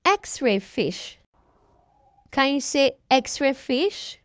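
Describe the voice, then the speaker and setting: A woman's voice: high voice, animated, very slow, fairly bright tone, no room sound. A woman narrating an alphabet lesson for toddlers, prompting them to repeat each animal word. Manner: prompting listeners to repeat words. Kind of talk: slow scripted narration for toddlers.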